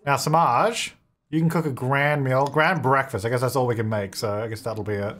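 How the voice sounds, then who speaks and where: A man's voice: medium pitch, steady tone, a little fast, fairly bright tone. A man giving casual gameplay commentary, chatty, talking to his game characters and laughing often. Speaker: gaming video creator.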